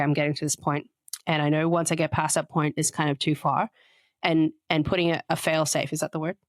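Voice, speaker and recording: A woman with a low-pitched voice co-hosts a casual podcast chat. She explains ideas at length in a chatty, explanatory way. Her voice sounds dry and close, with no room echo. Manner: explanatory, chatty, often reads out quotes. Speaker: podcast co-host.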